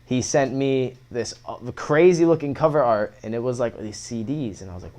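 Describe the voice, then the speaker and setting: A young man chats casually as a guest on an interview podcast. He tells his stories in loose slang, swears often, and acts out old conversations with lively energy. His voice sits at a middle pitch. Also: fairly quick, few pauses. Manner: laid-back slangy storytelling, swearing, animated retellings. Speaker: guest musician.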